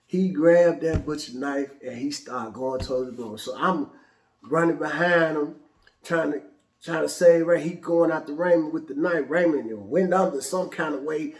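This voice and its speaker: A male host telling a personal story in an animated, casual, profane way, with frequent restarts. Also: on the high side, moderate pace, roomy sound. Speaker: show host.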